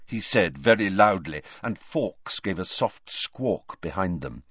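Male audiobook narrator, lively dramatic storytelling, dry and slightly dull recording. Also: low-pitched, a little slow, few pauses, dry recording. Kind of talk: scripted narration.

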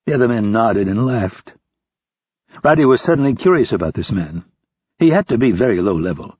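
A man narrates a thriller audiobook with a husky, lively delivery. The recording is dry and close, with a slightly dull, lo-fi tone. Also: fairly low pitch, a little fast, no echo. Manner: steady, expressive reading.

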